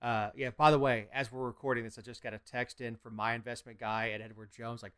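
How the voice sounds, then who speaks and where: A man co-hosts a casual political podcast from Georgia. He is blunt and opinionated. His voice is smooth and clean, pitched in the middle. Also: level tone, fast, fairly bright tone. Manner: blunt, opinionated, drops into mocking impressions. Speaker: podcast co-host.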